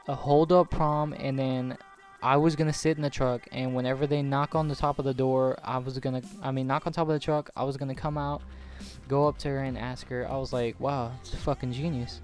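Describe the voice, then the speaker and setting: This late-teen gaming channel host has a mid-range, slightly mellow voice. He rambles through a personal story over gameplay in a casual, profane way, leaning heavily on "like."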